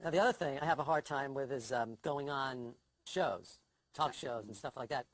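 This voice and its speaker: In a low-quality recording with no echo, an older man speaks at normal speed in a medium-pitched, fairly bright voice. He's a comedy writer being interviewed casually, and his stories are wry, anxious and self-deprecating.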